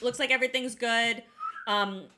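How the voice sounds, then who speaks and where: Young woman co-host, bright and slightly high voice, lively self-mocking storyteller. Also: moderate pace, a little hiss or hum. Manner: animated, self-mocking, acts out quotes. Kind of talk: casual storytelling chat.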